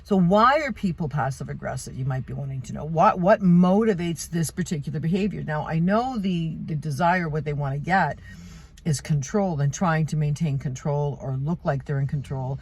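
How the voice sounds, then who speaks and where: A woman's voice: low-pitched, moderate pace, husky. A middle-aged woman giving an unscripted talk on communication, conversational and emphatic, with fillers and restarts. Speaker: self-development speaker.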